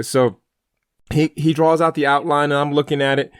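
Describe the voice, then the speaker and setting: A man's voice: on the high side, little pitch movement, moderate pace, smooth, no echo, clean studio sound. A man co-hosting a faith radio show, telling a story in an earnest, rambling, chatty way. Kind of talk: casual faith broadcast storytelling.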